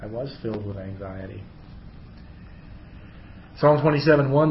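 A man's voice: fairly low pitch, expressive, moderate pace, long pauses, roomy sound, highs cut off, a little hiss or hum. A middle-aged man teaching a Bible class, chatty, asking his class rhetorical questions. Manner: conversational, often asks rhetorical questions.

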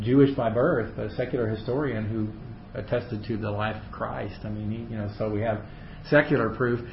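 A man leading a Bible study who reads scripture aloud and then explains it in loose, chatty asides. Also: gravelly. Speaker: Bible teacher. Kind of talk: conversational Bible study teaching. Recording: roomy, dull recording with faint rumble.

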